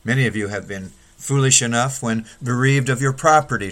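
Man, sermon delivery, measured and earnest, sharp rises in pitch for quoted complaints. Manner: measured preaching with sudden raised pleading quotes. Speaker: preacher.

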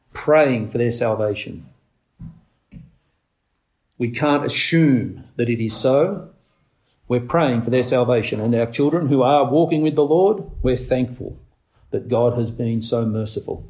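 A man preaching a sermon, leaning on words slowly for emphasis and climbing to urgent, raised passages. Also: darkish tone. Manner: preaching with slow emphatic stresses, rising to urgent highs.

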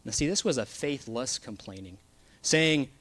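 A man's voice: medium pitch, expressive, normal speed, fairly bright tone, dry recording. Man, sermon, earnest, emphatic, scripture reading, dry recording. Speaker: preacher.

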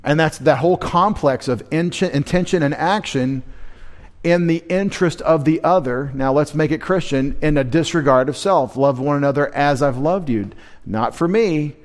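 A man's voice: on the high side, normal speed. A man preaching a midweek sermon as pastor, emphatic, asking rhetorical questions and quoting scripture.

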